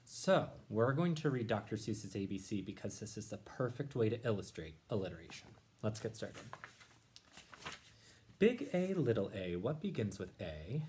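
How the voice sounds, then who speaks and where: Gentle low-voiced man reading aloud. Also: moderate pace, a little hiss or hum. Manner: gentle, encouraging, lively when reading verses aloud. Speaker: teacher reading to children. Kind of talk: read-aloud lesson.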